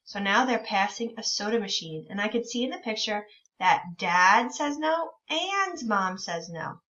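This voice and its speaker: A woman teacher leading a reading lesson for young children, encouraging them and reading words out very slowly. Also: medium pitch, animated, bright, forceful tone, recorded from a distance. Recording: dull lo-fi sound from a bit away from the mic.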